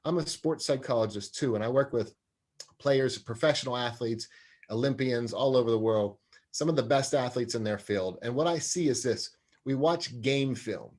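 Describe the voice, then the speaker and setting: A man's voice: mid-range voice, moderate pace, a little mellow. A man in his forties, a sports psychologist talking as an interview guest, earnest and expansive, often laughing at himself. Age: 40s. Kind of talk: conversational interview.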